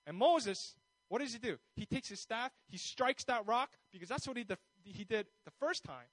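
Male pastor preaching a sermon: high voice, dry close recording, lively and repetitive storytelling. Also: moderate pace, no echo, rough recording. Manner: animated storytelling, repeats words, acts out voices.

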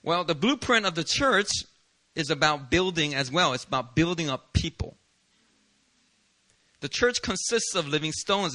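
Male pastor with a bright, rather high voice, animated and self-mocking, preaching with quick laughs. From Philadelphia, US. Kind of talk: sermon.

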